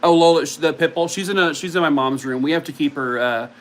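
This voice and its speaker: A man's voice: fairly high pitch, fast talker, low-quality recording. A man hosting a casual live stream from home, chatting and cooing at his dog. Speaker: streamer host.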